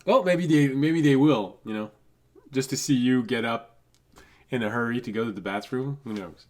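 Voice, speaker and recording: A man's voice: medium pitch, moderate pace, a little mellow. A man with a sick voice, running a tabletop game as game master. He narrates the scene unhurriedly and laughs often at the players' jokes.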